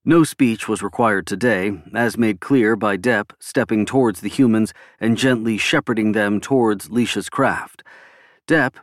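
A man giving steady, even scripted narration of a science fiction audiobook. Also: lowish voice, dry recording, studio quality.

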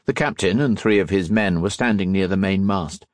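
A man narrating an audiobook in an expressive storytelling manner. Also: low voice, moderate pace, no echo. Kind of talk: scripted narration.

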